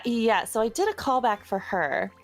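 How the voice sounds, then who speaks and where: A woman's voice: fairly high pitch, sing-song, faint music behind. Giggly woman chatting as a guest. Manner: giggly, chatty, with quick bursts of speech. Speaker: guest voice actress. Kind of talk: casual chat.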